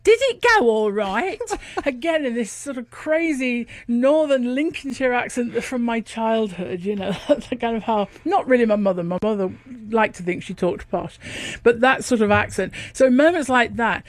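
A woman's voice: on the high side, normal speed, no room sound. A middle-aged woman from England with a northern English accent, chatting as a guest in a radio interview and telling stories with lots of laughter. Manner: animated, laughing storyteller. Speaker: guest singer. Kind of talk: casual radio interview chat.

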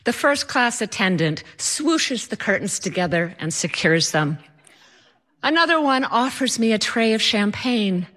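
A woman's voice: a little high, expressive, unhurried, a bit bright. A woman telling a personal story in a wry, self-mocking way.

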